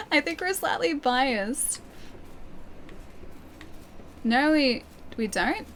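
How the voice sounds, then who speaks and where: A chatty Australian woman plays a game on a live stream and keeps up an easy back-and-forth with her chat. Her voice sits a little high, and she laughs often between remarks. A faint hum of room sound stays in the background. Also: expressive, drawn-out words, a bit bright. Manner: chatty, laughs often, reads viewer comments aloud. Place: living room at home.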